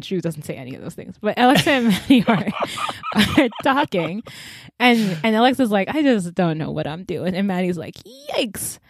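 A woman co-hosting a podcast, retelling a book's plot in a chatty, animated way, full of fillers and acted-out character lines. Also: on the low side, dry recording, studio quality. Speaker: podcast co-host. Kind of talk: casual book-recap chat.

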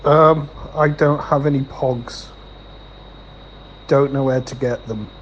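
A man's voice: medium pitch, steady tone, slow pace, dull audio, a little hiss or hum. A man in improvised comic chat, swearing and sounding mock-outraged.

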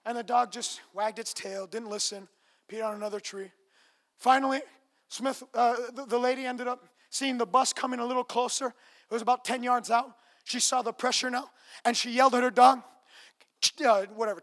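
A male preacher at a revival gathering, swinging from low, chatty asides to shouted, repeated declarations. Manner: repeats phrases for emphasis. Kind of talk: revival sermon. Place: large outdoor crusade gathering.

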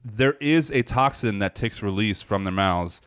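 A man with a fairly low voice, talking loosely on a podcast about a cheesy horror movie. He rambles, restarts and swears freely, recorded dry and close with no room sound. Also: measured pace, fairly bright tone, clear, resonant tone, no room sound. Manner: rambling, swears freely, loses his train of thought. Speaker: podcast co-host. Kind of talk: casual movie-review chat.

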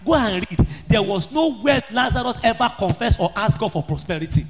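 A man preaching an impassioned sermon, often rising to shouts and sing-song chanting. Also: high-pitched, animated, brisk, faint music behind.

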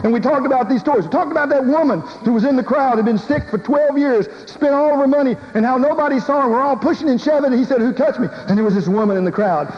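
Brief: high-voiced male preacher, emotional storyteller, echoing hall. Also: fast talker, few pauses. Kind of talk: first-person dramatic sermon monologue. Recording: dull recording in a reverberant hall with faint hiss.

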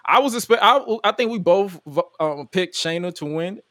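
A man hosting a casual wrestling review talk show, animated and often laughing as he acts out quotes. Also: high-pitched, moderate pace, no room sound, clean studio sound. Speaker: podcast host. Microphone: studio mic at a table.

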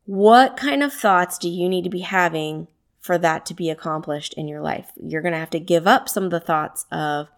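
A woman's voice: lowish voice, brisk, creaky. A woman wellness coach giving a self-help talk in a conversational way, often asking rhetorical questions and laughing easily. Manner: conversational, with frequent rhetorical questions and tag "right?"; laughs easily while speaking.

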